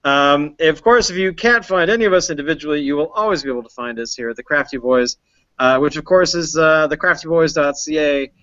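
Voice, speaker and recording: A man's voice: a little high, brisk, a bit bright, no echo. Rambling male podcast host, dry lo-fi sound. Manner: rambling with many fillers. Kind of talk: casual chat.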